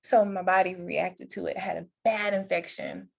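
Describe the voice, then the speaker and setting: A woman guest on a podcast telling a personal story in conversation, lively, acting out the voices of others and laughing often. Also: moderate pace, gravelly. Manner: animated, acts out quoted voices with big pitch jumps.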